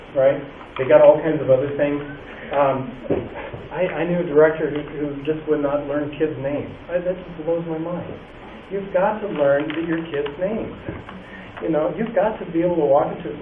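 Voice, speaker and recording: A man, a music teacher, giving an animated workshop talk, acting out quotes and laughing often. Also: on the high side. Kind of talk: conference talk. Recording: echoey, distant, phone-like, faint noise.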